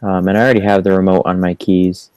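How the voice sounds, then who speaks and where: Low-voiced easygoing man, dry sound. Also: level tone, fast talker, darkish tone, no room sound, poor audio. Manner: easygoing, agreeable, frequent backchannels. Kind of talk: casual chat.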